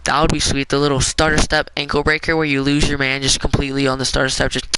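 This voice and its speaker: A young man with a raspy, smoker-like voice, giving rambling, offhand commentary while streaming a game. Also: medium pitch, monotone, quick pace, background noise. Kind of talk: casual gameplay commentary.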